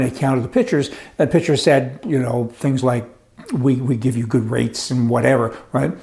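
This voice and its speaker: A man's voice: medium pitch, creaky, a little mellow. An older man delivering a sarcastic opinion monologue, ranting and chuckling as he talks. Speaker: commentary host.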